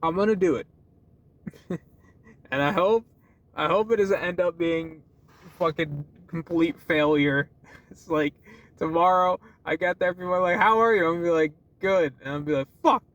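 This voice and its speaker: A man's voice: a little high, fairly bright tone, muffled recording. A young man rambling in a casual vlog, laughing often, swearing freely and restarting his sentences. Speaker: vlogger.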